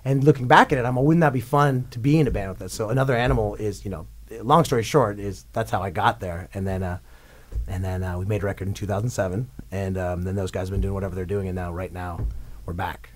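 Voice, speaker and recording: A man, a rock singer, telling stories as a guest in a radio studio, rambling and excitable as he acts out what others said. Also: fairly low pitch, fast talker. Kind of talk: casual storytelling interview.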